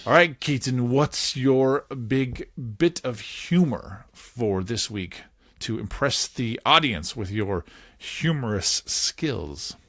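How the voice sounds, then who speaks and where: A man hosting a casual podcast, talking in a playful, animated way and laughing often. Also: medium pitch, slow, soft background music. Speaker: podcast host.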